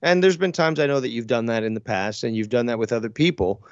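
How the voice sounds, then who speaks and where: A man's voice: medium pitch, fast talker, no echo. A man co-hosts a live comedy show in loose, rambling banter, trailing off and restarting as he swears his way through each thought. His voice sits in a middle register. The audio is muffled and dry, with no room sound at all. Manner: rambling, profane, hesitant restarts. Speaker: co-host. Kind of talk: casual call-in show banter.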